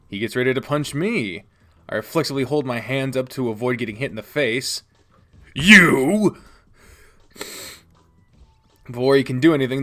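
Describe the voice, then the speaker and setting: A young man hosting a let's play, reading a visual novel aloud with animated, cursing reactions. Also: mid-range voice. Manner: animated, swearing, laughs at names.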